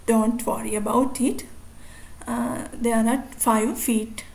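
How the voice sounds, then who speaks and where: A Sri Lankan woman teaching an English lesson on poetic metre, explaining slowly and counting syllables aloud. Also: fairly high pitch, fairly even intonation, darkish tone. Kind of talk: recorded video lesson. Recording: echoey room, faint ambient noise.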